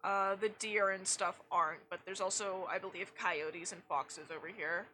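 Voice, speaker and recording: Bright-voiced chatty woman streamer. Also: medium pitch, steady tone, moderate pace, faint music behind. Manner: chatty, self-mocking, swears freely. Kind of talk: casual gameplay chat.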